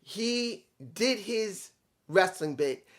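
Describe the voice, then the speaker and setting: A man's voice: sits high, lively intonation, very slow. A man reviewing a wrestling show in a casual, rambling way, with some swearing and restarts.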